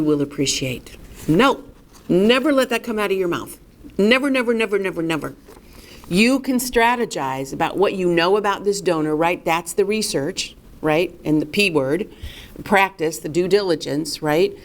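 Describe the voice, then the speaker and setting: Middle-aged woman, slightly low voice, emphatic coaching tone, asks and answers own questions, workshop lesson. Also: a little hiss or hum. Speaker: fundraising workshop presenter.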